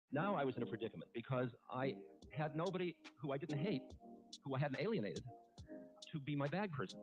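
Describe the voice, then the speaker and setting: A man who is a spiritual teacher tells a personal story in a halting, candid, self-mocking way, with many restarts. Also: mid-range voice. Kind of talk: reflective storytelling talk. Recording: muffled archive recording with music. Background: music playing underneath.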